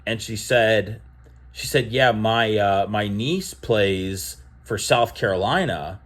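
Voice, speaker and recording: Talking slowly in a fairly low voice, this young man vlogs about opening sports cards. He rambles and tells stories with plenty of fillers and restarts, and he livens up when recounting exchanges with others.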